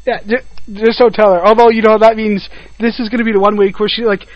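A man's voice: high voice, level tone, fast talker, dry recording, highs cut off. A young man hosting a podcast, teasing his co-host and laughing often. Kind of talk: casual chat.

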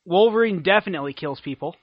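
A man co-hosting a casual podcast, joking and bantering quickly. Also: sits high, animated, slightly rough, no echo, dull audio. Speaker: podcast co-host.

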